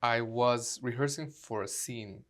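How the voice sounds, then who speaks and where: A man's voice: medium pitch, a little slow, fairly bright tone. A man, an actor and acting coach, chatting as an interview guest, acting out quoted dialogue with lots of fillers. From Canada. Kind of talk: casual interview storytelling.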